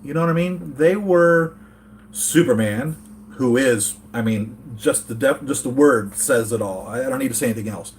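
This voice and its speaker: A man's voice: mid-range voice, moderate pace. Brief: rambling, earnest American male toy-collector host at home, mid-range voice, faint background hum. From United States. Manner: rambling, earnest, reads chat comments aloud. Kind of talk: casual live-chat vlog.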